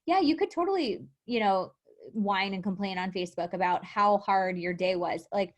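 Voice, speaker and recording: A young adult woman coaching her team in a motivational live talk, animated, acting out quotes and laughing often. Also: medium pitch, normal speed. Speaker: fitness coach.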